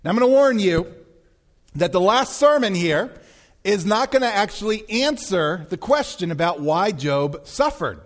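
A man's voice: sits high, animated, moderate pace. A man preaching a sermon as pastor, telling stories animatedly and acting out film scenes.

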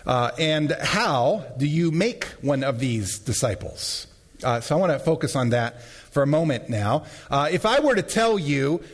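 A man preaching a sermon as pastor, losing his voice, speaking emphatically and repeating key phrases. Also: on the high side. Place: church sanctuary. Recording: long hall reverb.

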